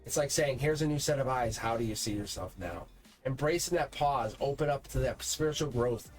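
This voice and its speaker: A man hosting his own channel, talking loosely through a tarot card's meaning in a meandering, encouraging way. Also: mid-range voice. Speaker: tarot reader and channel host. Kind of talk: unscripted tarot lesson to camera.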